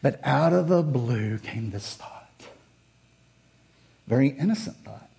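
A middle-aged male pastor preaching a sermon, telling a personal story earnestly, rising to fervent and dropping to hushed. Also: mid-range voice, expressive, takes it slowly, vocal fry, pauses often.

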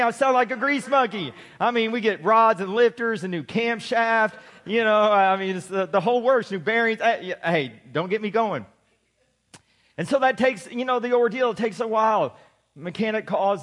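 Pastor, middle-aged man, very high voice, emphatic sermon with casual joking asides. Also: a bit bright. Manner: preaching with slow emphatic build-ups, then chatty joking asides.

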